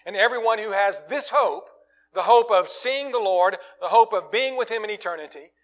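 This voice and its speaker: A man preaching a sermon, swinging from loud, emphatic lines to quiet, low asides. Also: expressive, normal speed.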